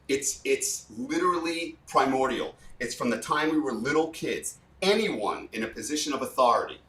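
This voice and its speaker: A man's voice: mid-range voice, big pitch swings, normal speed, fairly bright tone. A man, a guest communication coach, explaining emphatically and repeating points for effect. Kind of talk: animated explanation with spoken demos. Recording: roomy sound, far from mic.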